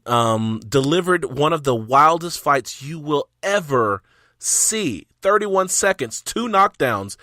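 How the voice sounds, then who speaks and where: A man's voice: fairly high pitch, lively intonation, slow, sharp tone, no echo, studio quality. A man co-hosting a combat sports podcast in casual chat, arguing his point playfully and acting out mock quotes. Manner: playful, argues with mock-dramatic quoted voices. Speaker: podcast co-host.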